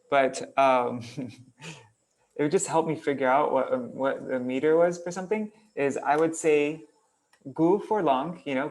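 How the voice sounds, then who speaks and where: A man teaching an online class, casually thinking aloud as he works on screen and chanting out syllable patterns. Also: fairly high pitch. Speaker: kirtan teacher. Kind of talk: online class explaining verse meter.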